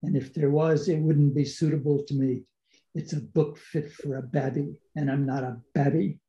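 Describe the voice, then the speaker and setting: A man's voice: medium pitch, little pitch movement, normal speed, vocal fry, dark tone, natural voice. A man reading aloud as an angry, drunken working-class brickmaker, defiant and vehement in coarse speech. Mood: resentful. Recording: dull, echoey video-call audio.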